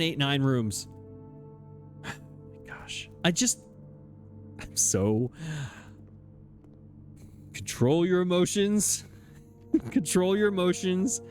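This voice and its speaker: Frustrated man muttering through a game. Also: fairly high pitch. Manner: frustrated, exasperated, talks to himself. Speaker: let's play gamer. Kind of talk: gameplay commentary.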